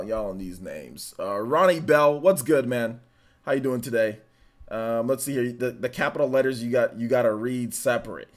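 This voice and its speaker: A man hosting a casual live stream, greeting viewers by name and teasing the chat in slangy, laid-back talk. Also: fairly high pitch. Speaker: livestream host.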